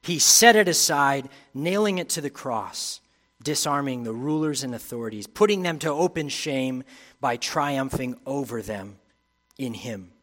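A man, preaching a sermon as pastor. He reads scripture aloud, building in intensity, then drops to quiet reflection. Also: medium pitch, lively intonation, unhurried.

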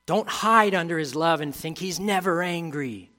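A man, preaching a sermon as pastor. He reads scripture aloud, building in intensity, then drops to quiet reflection. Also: fairly high pitch, normal speed.

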